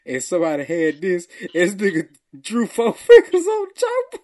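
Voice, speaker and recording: Animated man teasing a friend. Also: sits high, moderate pace. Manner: profane, teasing, laughs often. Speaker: podcast co-host. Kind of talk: casual banter.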